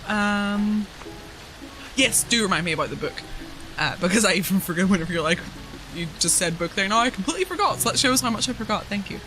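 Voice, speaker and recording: A woman live-streaming a game from home, with a bright, forceful voice. She chats loosely and giggles often, turning between her viewers and her pets. Faint music plays behind her. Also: mid-range voice, lively intonation, fairly quick. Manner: chatty, giggly, talks to pets and chat. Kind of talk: casual live-stream chatter while playing.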